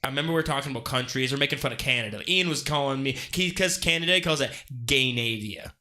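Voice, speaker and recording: A man's voice: medium pitch, fast, bright, forceful tone. A young man co-hosting a casual podcast chat, laughing often and swearing casually. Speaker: podcast co-host.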